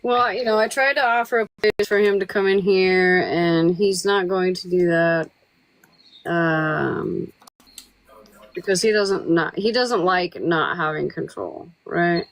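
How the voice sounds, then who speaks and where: A woman's voice: lowish voice, slow pace, no room sound, rough recording. A woman hosting a casual livestream chat, blunt and given to repeating herself, now and then swearing. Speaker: livestream host.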